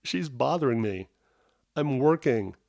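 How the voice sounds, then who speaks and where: Middle-aged male podcast host, mid-pitched voice, rambling wry storyteller. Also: animated, unhurried, a little mellow. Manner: rambling, self-interrupting, wry and self-mocking. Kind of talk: casual solo podcast storytelling. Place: at home.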